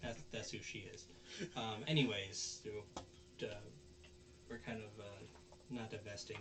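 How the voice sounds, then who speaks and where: Speaking in a lowish voice, a little slowly, this man hosts a casual anime-recap podcast. He meanders with lots of fillers and restarts while acting out the characters' lines in animated voices.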